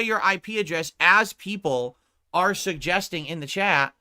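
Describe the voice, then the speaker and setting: Bright-voiced man ranting angrily on stream. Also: high-pitched, a little slow, clean tone. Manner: heated, profane, keeps asking 'right?'. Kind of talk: angry livestream rant.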